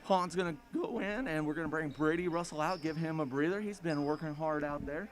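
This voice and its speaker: A man with a high voice calls a school basketball game play by play in a folksy, chatty way, often speaking to the fans directly. He is recorded in a school gym. Bouncing balls and court noise are clearly heard behind him. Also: fairly quick. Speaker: play-by-play announcer. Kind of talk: live basketball commentary.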